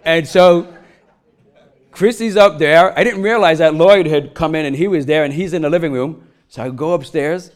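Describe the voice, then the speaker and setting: A middle-aged man preaching a sermon, telling a funny personal story, laughing often and getting loud as he acts it out. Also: fairly high pitch, moderate pace. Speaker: pastor.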